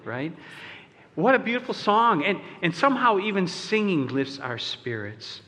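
Male pastor giving a sermon, kinda high voice, lots of um and asides, church echo all around. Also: fairly bright tone. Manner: leads the congregation in song; conversational, with fillers and asides. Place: church sanctuary. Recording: long church reverb.

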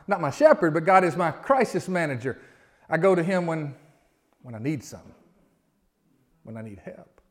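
A middle-aged man preaching to his church in a relaxed, conversational way. His voice sits high for a man, and he swings from punchy, raised emphasis down to near-whispered asides. He sounds like a pastor talking plainly with his congregation from the front of the sanctuary. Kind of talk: sermon.

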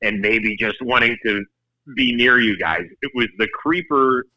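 A man's voice: mid-range voice, a little slow, sharp tone, dry recording, poor audio. A man hosting a sports show, telling wry, self-deprecating stories in a casual chat on a close studio mic. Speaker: sports TV host.

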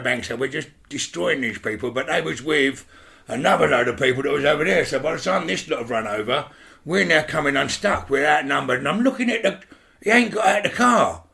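A gravelly-voiced middle-aged man spins a rowdy story, swearing freely. His pitch sits mid-range, and he keeps checking in with "right?" as he goes. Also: fast talker, pushed and bright. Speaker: interviewee. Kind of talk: animated storytelling.

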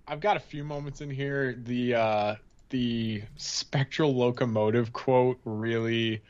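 A man's voice: medium pitch, steady tone, takes it slowly, a little mellow, smooth, dry recording, dull audio. Enthusiastic man on a podcast, dry sound. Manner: enthusiastic, quotes film lines with laughs. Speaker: podcast co-host. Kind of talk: casual podcast chat.

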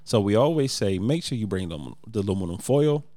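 A man co-hosting a family podcast, talking in a playful, teasing way with drawn-out emphasis. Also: on the low side, expressive, dark tone, no room sound, clean studio sound. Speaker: podcast co-host. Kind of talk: casual family podcast chat. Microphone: studio microphone.

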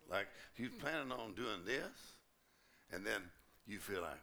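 A man preaching to a church conference crowd in a low, gravelly voice with a tense, bright edge. He keeps it humorous and lively, slipping into little acted-out exchanges as he goes. The delivery is full sermon style, built to carry a room. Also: moderate pace. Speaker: pastor.

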